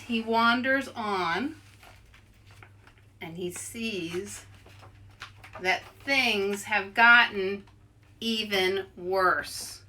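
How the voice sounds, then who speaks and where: Animated woman leading a kids' read-aloud. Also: a little high. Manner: animated, playful, coaxing listeners to join in. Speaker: children's book author. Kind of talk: interactive read-aloud for children.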